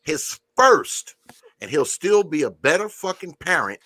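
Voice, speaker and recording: A man's voice: a little high, big pitch swings, unhurried, sharp tone, no room sound. A man in his fifties, a grandfather, chatting casually on a podcast, easygoing, leaning on "you know" and cursing freely. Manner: laid-back, leans on "you know", swears freely.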